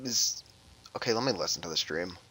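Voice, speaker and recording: A man's voice: low-pitched, animated, fairly quick, bright, forceful tone, husky. A man guesting on a casual gaming podcast over a voice call, joking and playful, often trailing off.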